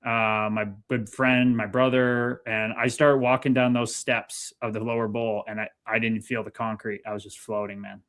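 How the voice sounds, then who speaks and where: A man in his thirties recounts his past in an easy, conversational way, with pitch sitting right in the middle for a man. He gets animated and acts out the people in his stories, with a casual swear here and there. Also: normal speed, hardly any pauses, smooth. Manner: animated, swearing, lively retelling with quoted dialogue. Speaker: interview guest, former pro hockey player. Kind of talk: casual storytelling.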